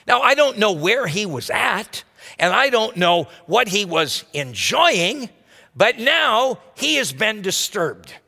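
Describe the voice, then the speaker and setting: A male pastor giving a midweek sermon in a lively, conversational way, full of rhetorical asides. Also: sits high, vocal fry, long reverb tail. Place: church.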